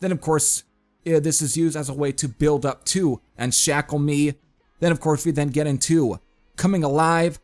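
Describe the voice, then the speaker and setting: Chatty man reviewing a metal album. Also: on the high side. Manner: chatty, addresses viewers as folks, frequent fillers. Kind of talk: casual spoken album review.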